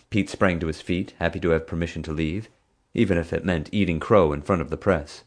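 A man narrating an audiobook in a lively, expressive storytelling manner. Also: rumbling low, moderate pace. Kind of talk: scripted narration.

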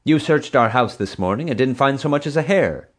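A man reading an audiobook voices a protective father who argues firmly and calmly. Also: medium pitch, fairly quick, voice pushed up, natural voice. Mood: defensive. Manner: firm, defensive, level-headed. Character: protective father, firm and reasonable.

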